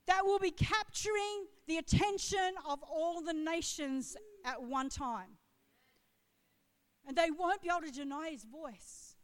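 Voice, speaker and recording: A middle-aged woman pastor preaching a sermon with impassioned, swelling declarations. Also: high voice. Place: church auditorium. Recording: long hall reverb.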